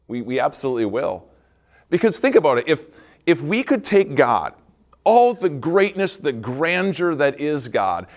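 A man speaking as a pastor, giving a devotional talk for children and adults in an animated storytelling way, often repeating words and adding playful asides. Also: mid-range voice.

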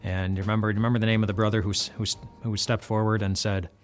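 A man's voice: fairly low pitch, flat delivery, fast. A man giving a casual devotional Bible talk as host. He speaks conversationally and often restarts and repeats words. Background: faint music.

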